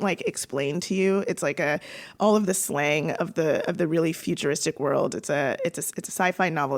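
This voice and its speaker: A woman co-hosting a podcast, telling stories in a chatty, animated way, full of "like" and restarts. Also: on the low side. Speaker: podcast co-host. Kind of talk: casual conversational podcast chat.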